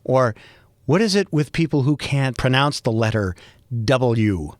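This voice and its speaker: A man's voice: mid-range voice, a little slow, dry recording. Rambling Boston man, dry close sound. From Boston area, USA. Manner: rambling, animated, joking asides. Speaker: podcast host. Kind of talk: casual solo monologue.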